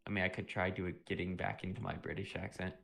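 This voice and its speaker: A young man with a very low, gravelly voice chats casually on a game stream. He rambles through laid-back stories and keeps clearing his throat. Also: little pitch movement, fast talker, fairly bright tone. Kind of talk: casual chat while streaming.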